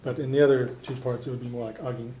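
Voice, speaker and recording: A man teaching a beginner language class, relaxed and chuckling, with plenty of fillers. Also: mid-range voice, very fast, a little hiss or hum. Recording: echoey classroom.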